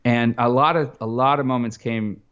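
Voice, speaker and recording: A man's voice: mid-range voice, steady tone, normal speed, fairly bright tone, clean tone, lo-fi sound. A man, a film composer, talking casually in an interview, rambling with lots of restarts and fillers.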